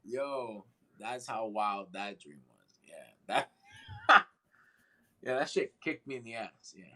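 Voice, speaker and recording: A man's voice: on the low side, slow, rough recording. A man co-hosting a casual podcast, telling a story with lots of swearing and acted-out voices. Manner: animated, swearing, acts out voices in his stories. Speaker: podcast co-host.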